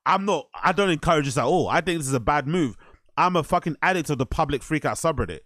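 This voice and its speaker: Man, streamer reacting live, incredulous, sweary, slightly high voice, dry close mic. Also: fast, dry recording. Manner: incredulous, animated, swears often. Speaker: streamer reacting to a podcast clip.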